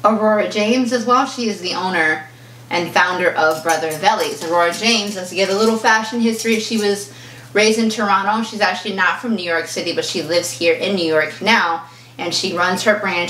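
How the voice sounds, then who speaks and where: A woman fashion vlogger in a casual unboxing chat, telling a story in an animated, chatty way and acting out the back-and-forth. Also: mid-range voice, normal speed, a little hiss or hum. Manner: chatty, animated storyteller who acts out quoted exchanges. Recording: roomy echo, mic at a distance, faint kitchen clatter.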